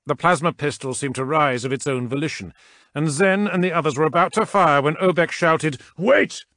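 A man narrating an action audiobook in a dramatic, expressive reading. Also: fairly high pitch, fairly quick, no room sound, studio quality. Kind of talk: scripted narration.

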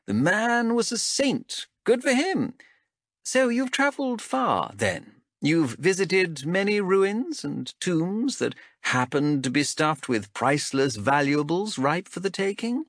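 A man's voice: high-pitched, very animated, takes it slowly, a bit bright, no room sound, studio quality, pitched above the performer's own voice, exaggerated voice. A male narrator voicing a shrewd, mocking female elf captain in a raised, sardonic voice. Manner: sardonic, wheedling, menacing. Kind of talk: audiobook character voice.

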